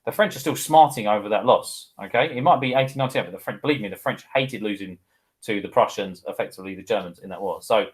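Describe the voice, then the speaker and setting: A man's voice: lowish voice, fast, low-quality recording. A man giving an informal, chatty history lesson, often checking in with the viewer and wandering off on tangents. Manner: chatty, digressive, addresses viewer with "okay?". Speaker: history teacher.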